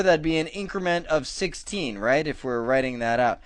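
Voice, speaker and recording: A man's voice: a little high, animated, normal speed, few pauses, fairly bright tone, no room sound. A man teaching networking in a casual, upbeat way, thinking aloud with fillers and small laughs. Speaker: networking instructor. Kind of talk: casual screen-recorded tech lesson.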